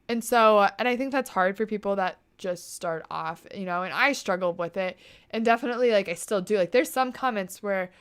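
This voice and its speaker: A woman's voice: on the high side, clean tone. Chatty young woman hosting a livestream. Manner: chatty, animated, quick asides. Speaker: livestream host. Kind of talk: casual livestream chat.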